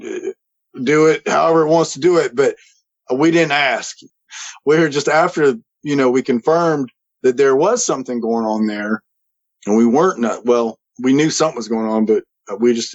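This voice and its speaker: A man telling a story in a casual, animated way as a guest, acting out the quoted voices and chuckling now and then. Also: medium pitch. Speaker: guest recounting a paranormal experience. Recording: slightly dull lo-fi audio.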